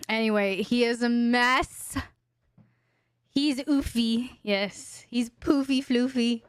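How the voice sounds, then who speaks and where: A woman's voice: a little high, takes it slowly, clean tone, no room sound, studio quality. Frank chatty woman hosting a live stream. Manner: chatty, frank, talks to her dog in baby talk. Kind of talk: casual live-stream chat. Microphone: desk microphone.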